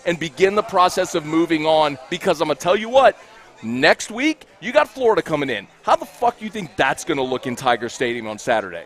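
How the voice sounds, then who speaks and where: A man co-hosting a postgame sports radio show, ranting furiously and profanely, shouting and hammering his points. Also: fairly high pitch, animated, brisk. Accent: Louisiana. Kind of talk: heated postgame talk radio rant. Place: cigar bar.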